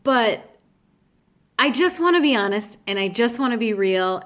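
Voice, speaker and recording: Middle-aged woman, heartfelt confessional vlogger, earnest and halting. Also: mid-range voice. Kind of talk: candid personal vlog.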